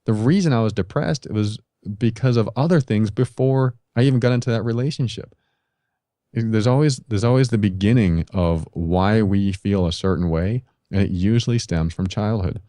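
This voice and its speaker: A man's voice: lowish voice, moderate pace, dark tone, no room sound. A middle-aged man, a podcast guest, telling a candid personal story and giving earnest, confessional advice. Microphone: podcast microphone.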